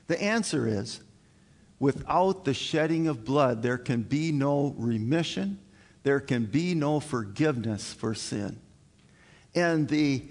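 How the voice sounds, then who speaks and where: A man preaching a communion sermon as pastor, slow and earnest, building to emphatic high points. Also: in a large hall. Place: church sanctuary.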